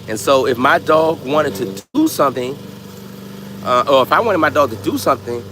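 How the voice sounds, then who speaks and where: A man vlogging, telling stories in a loose, animated way and acting out voices. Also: mid-range voice, moderate pace, a little hiss or hum. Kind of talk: casual storytelling.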